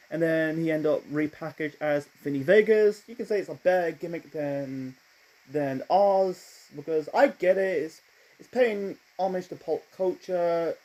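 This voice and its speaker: A man talks through an old wrestling event in a loose, rambling way, blunt in his verdicts and quick to correct himself mid-sentence. His voice sits a little high but sounds mellow and soft-edged. At times he races ahead and has to slow himself down. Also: low-quality recording. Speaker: wrestling show reviewer. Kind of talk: casual rambling review monologue.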